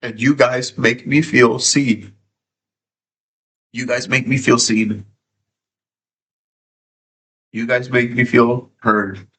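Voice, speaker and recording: A man's voice: mid-range voice, flat delivery, slow, long pauses, a bit bright, husky. A man live streaming from home, tearful and sniffly, talking emotionally and repeating himself, with frequent swearing. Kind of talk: casual live stream chat.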